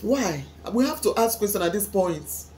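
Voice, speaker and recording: A tearful woman with a Nigerian accent speaks in an emotional vlog lament, sighing between her words. She pleads with God and asks the same questions over and over. Her voice sits at a middle pitch, with faint ambient noise behind it. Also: animated, moderate pace, darkish tone. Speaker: vlogger.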